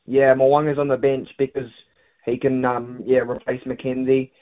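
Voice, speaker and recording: A man's voice: mid-range voice, level tone, a little slow. A man calling in to a sports radio show, talking rugby with lots of ums and uhs. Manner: hesitant, many fillers. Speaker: caller. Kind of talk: phone-in sports chat. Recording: phone line.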